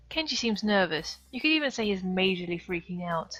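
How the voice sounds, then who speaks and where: A woman's voice: medium pitch, lively intonation, a little fast, few pauses, a bit bright. A woman streaming herself reading a visual novel aloud, adding wry asides. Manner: wry asides between dialogue. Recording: dull lo-fi stream audio, faint music.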